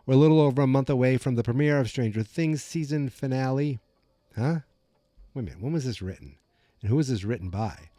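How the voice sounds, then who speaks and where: A man with an American accent hosting a podcast in a calm, rambling casual chat, often correcting himself. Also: mid-range voice, dry recording. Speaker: podcast host.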